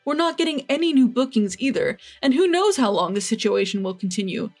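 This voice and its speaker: Woman playing a bullying older father-in-law, blustering, pleading, fairly high voice, story narration. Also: sing-song, brisk, darkish tone, faint music behind.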